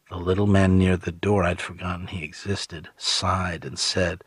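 Male audiobook narrator, husky voice, dry close mic, measured, steady storytelling. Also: low-pitched, no room sound. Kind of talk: first-person audiobook narration.

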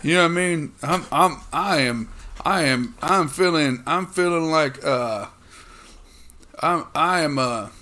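A man's voice: fairly high pitch, unhurried, sharp tone. A man chatting casually on a podcast, rambling and swearing, often restarting his sentences. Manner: rambling, profane, restarts a lot. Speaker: podcast co-host.

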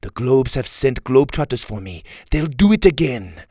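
A man's voice: mid-range voice, big pitch swings, normal speed, dark tone, dry recording, clean studio sound. A man voicing a young woman held captive, pleading and defiant in a children's story.

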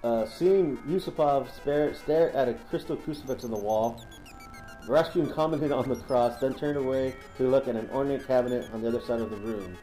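A male podcast co-host reads a dramatic story aloud in a casual way, often laughing and tripping over words. His voice is mellow and dark. It sounds like an echoey room with faint music underneath. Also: medium pitch, a little fast.

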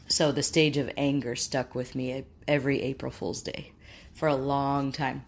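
A woman hosting a talk show, speaking earnestly and gently about grief and quoting inner thoughts. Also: deep voice.

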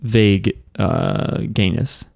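Male podcast co-host, deeper side, dry-witted asides, dead-dry mic. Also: slow, gravelly, a little mellow, no echo. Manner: wry, joking asides. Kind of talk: casual podcast chat.

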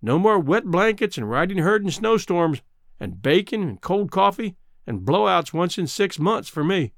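A man's voice: high voice, very animated, normal speed, gravelly, no echo, studio quality, pitched above the performer's own voice, exaggerated voice. A man reading the part of a former cowboy, now a comfortable city man, talking in an easygoing, apologetic drawl. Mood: content.

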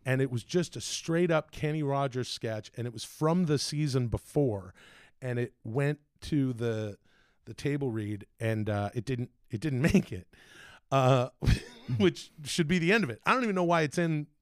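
A man telling loose, profane stories in casual chat, slipping into quick impressions. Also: mid-range voice, dry recording, studio quality. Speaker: podcast guest telling stories.

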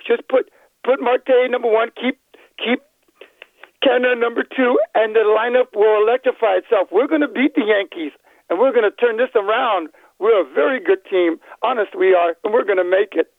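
A man's voice: high-pitched, moderate pace, no room sound. An older man calling in to a radio show, emotional and rambling, his voice a little worn after illness. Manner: emotional, rambling, repeats himself. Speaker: caller. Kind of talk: emotional call-in. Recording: tinny phone line.

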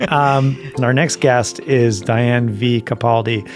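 A man's voice: medium pitch, steady tone, slow, over music. A man co-hosting a podcast, talking casually with hesitant fillers and enthusiasm. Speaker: podcast co-host.

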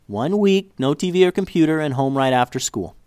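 A calm, firm mother gently lecturing her daughter in a children's story, voiced by a man reading aloud. Her voice rises and falls freely, recorded dry and close. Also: fairly high pitch, brisk, clear, resonant tone, dry recording, pitched above the performer's own voice, natural voice. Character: firm but loving mother.

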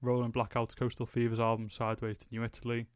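A man's voice: medium pitch, completely flat delivery, fast talker, clear, resonant tone, dry recording, studio quality. A young man hosting a podcast, chatting casually and rambling with lots of fillers. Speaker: podcast host. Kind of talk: casual chat.

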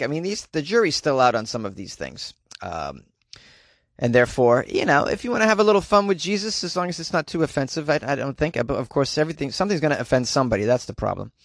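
A man's voice: on the high side, fairly bright tone, dry recording. A man hosting comedic news commentary, reading stories and adding wry, joking asides in a chatty manner. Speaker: host.

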